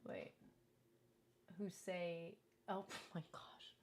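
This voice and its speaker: A young adult woman hosting a casual gaming livestream, chatty and excitable, reading chat aloud and reacting. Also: on the low side, very slow, slight background noise. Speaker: livestream host.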